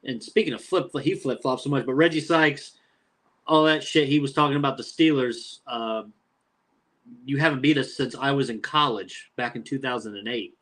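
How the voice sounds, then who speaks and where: A man's voice: medium pitch, moderate pace, a bit bright. A man in his thirties co-hosting a sports podcast, talking trash about a rival team's fan in casual chat. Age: 30s. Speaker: podcast co-host.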